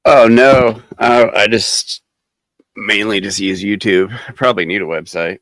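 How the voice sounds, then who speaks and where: A man joining a livestream as a guest, chatting in a relaxed, slightly hesitant way. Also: lowish voice, unhurried, dry recording, rough recording. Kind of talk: casual chat.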